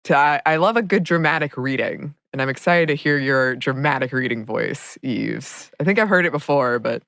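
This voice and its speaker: A woman's voice: extremely low pitch, lively intonation, normal speed, fairly bright tone, dry recording, clean studio sound. A woman hosting a podcast, chatting casually and enthusiastically, with frequent eager interjections. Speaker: podcast host.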